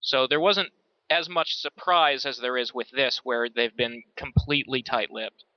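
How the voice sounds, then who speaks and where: Male podcast co-host, American, mid-pitched, casual and searching; dry, muffled mic. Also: steady tone, a little slow, no room sound. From United States. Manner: thoughtful, restarts sentences, many "like"s. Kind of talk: casual chat.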